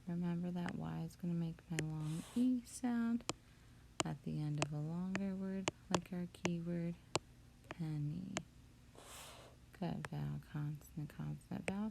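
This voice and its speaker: A woman's voice: lowish voice, vocal fry. A woman teacher patiently walking through a phonics spelling lesson step by step. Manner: slow, patient, step-by-step explaining. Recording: noticeable background noise.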